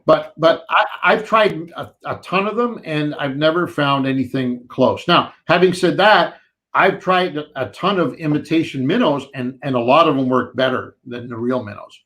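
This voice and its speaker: A man's voice: a little high, normal speed, a bit bright. A man co-hosting a live fishing show, chatting animatedly and reading out viewer questions.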